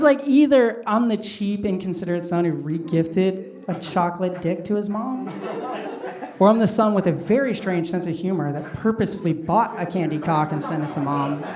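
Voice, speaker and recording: Middle-aged man doing loose stand-up. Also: high voice. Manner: loose, conversational delivery with many "like" fillers. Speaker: stand-up comedian. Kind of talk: stand-up comedy set. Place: comedy club stage. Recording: roomy club sound from a distant mic with audience. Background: audience laughter.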